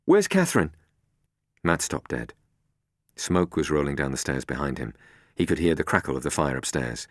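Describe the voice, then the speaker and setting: Deep-voiced man reading a story. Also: normal speed, fairly bright tone, dry recording, studio quality. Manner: tense, suspenseful reading. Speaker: narrator. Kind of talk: storybook narration.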